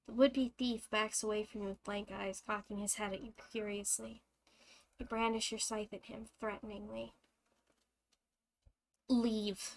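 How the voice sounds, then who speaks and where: A woman's voice: medium pitch, flat delivery, moderate pace, gravelly, a little hiss or hum. A woman streamer reading a visual novel aloud, narrating unhurriedly with casual asides.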